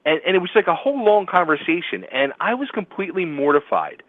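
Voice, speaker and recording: Male radio host, excitable and animated, tinny phone-line audio, dry close sound. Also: fairly high pitch, fast, no echo. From Philadelphia area. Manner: excitable, laughs often, acts out quotes. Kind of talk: casual storytelling chat.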